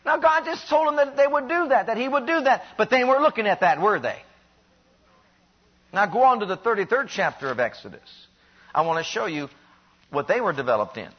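A high-pitched male preacher delivers a sermon with animated emphasis, pushing up to loud peaks and sinking to quiet, low lines. The recording is dull and lo-fi. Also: a little fast, breathy edge.

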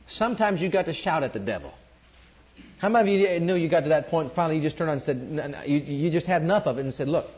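A man's voice: on the high side, muffled recording. A man preaching a sermon and calling on the congregation to join in. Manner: emphatic, calls on the congregation to respond.

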